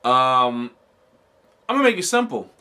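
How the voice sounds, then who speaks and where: Bright-voiced profane podcast host. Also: male voice, medium pitch, a little slow, smooth. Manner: profane, animated ranting with mock quotes. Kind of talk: casual comedic show review.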